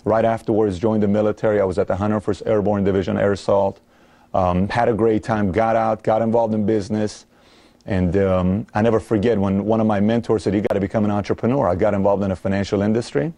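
A man interviewed as a guest on a radio show, telling his story in a brisk, animated way into a studio microphone. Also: fairly low pitch, dry recording. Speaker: guest, business founder.

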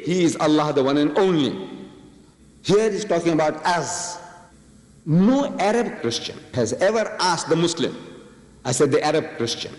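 A man's voice: fairly high pitch, a little mellow. A man giving an emphatic religious lecture, arguing his point with rhetorical questions. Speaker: Islamic lecturer. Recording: long hall reverb.

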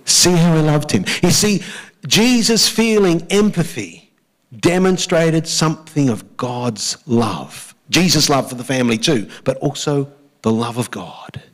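An Australian man preaching a sermon in an ordinary, mid-range voice. He leans hard on key phrases, slows right down to repeat them, and has the congregation say the lines back to him. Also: mid-range voice, animated, fairly bright tone, poor audio. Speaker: pastor. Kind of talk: church sermon.

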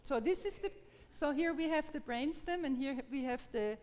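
With lively intonation and a slightly mellow, high voice, this female Feldenkrais trainer leads a live workshop via an interpreter. She is halting and encouraging, repeating words and laughing often, and the hall is reverberant.

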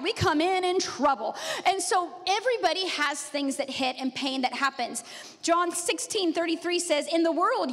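Brief: woman pastor, thirties, animated storyteller, high voice, echoing sanctuary. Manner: animated storytelling, laughing often. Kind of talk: sermon. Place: church sanctuary.

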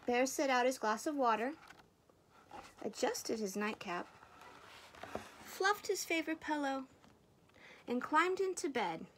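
An older woman reading a picture book aloud, expressive and dropping into soft whispers. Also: sits high, slow, long pauses, a little hiss or hum. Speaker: storybook reader.

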